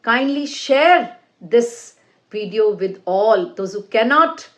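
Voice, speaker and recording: Slow, emphatic woman teaching English. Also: a little high, animated. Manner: emphatic, deliberate teaching with sing-song stress on key words; slow, repetitive phrasing with direct appeals to viewers. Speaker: English test-prep teacher. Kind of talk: online lesson.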